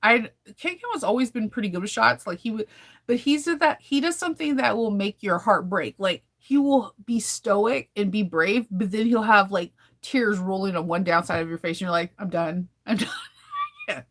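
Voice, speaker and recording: A woman's voice: medium pitch, normal speed. Chatty woman vlogger, laughing often. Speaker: sewing vlogger. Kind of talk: casual daily vlog chat.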